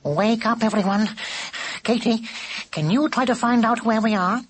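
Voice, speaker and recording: A narrator voicing a watchful, commanding animal stowaway, giving brisk orders. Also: mid-range voice, husky, pitched above the performer's own voice, close to an everyday voice, poor audio.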